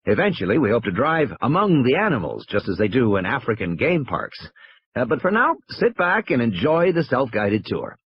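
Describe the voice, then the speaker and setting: A man's voice: mid-range voice, big pitch swings, moderate pace, husky, full character voice. A man voicing an upbeat, salesy male park publicist with a chirpy tour-guide patter. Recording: dull lo-fi recording.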